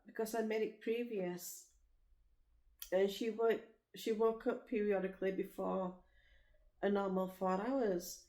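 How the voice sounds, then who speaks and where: A woman's voice: mid-range voice, steady tone, measured pace, long pauses, warm tone. A woman from Liverpool with a Liverpool accent, telling frank, rambling stories about her life in casual chat. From Liverpool, England. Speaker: vlogger. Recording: roomy echo.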